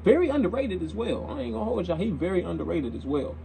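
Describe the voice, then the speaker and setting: A young man reacts to a rap song in easy, slangy talk, circling back and repeating his points. His voice sits slightly high with a soft, mellow edge, and the pitch jumps around a lot as he gets animated. There is a faint hiss behind him. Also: fast, vocal fry, low-quality recording. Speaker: reaction video host. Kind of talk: casual reaction commentary.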